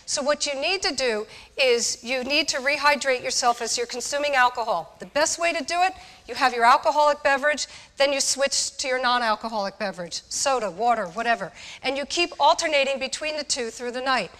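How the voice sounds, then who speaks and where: A woman giving a lively, direct talk to college students, asking the audience questions. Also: sits high, brisk. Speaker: speaker on alcohol awareness. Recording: echoey hall.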